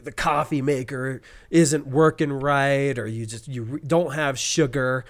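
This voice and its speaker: A man co-hosting a podcast, telling an animated story and acting out frustrated cursing. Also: mid-range voice, unhurried. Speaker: podcast co-host. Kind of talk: casual podcast chat.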